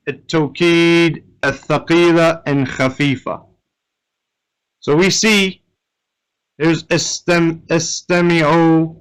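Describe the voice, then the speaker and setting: Male grammar teacher, unhurried and clear, walks through rules step by step with frequent "right?" checks. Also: a little high, a bit bright, low-quality recording. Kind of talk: classroom grammar lesson.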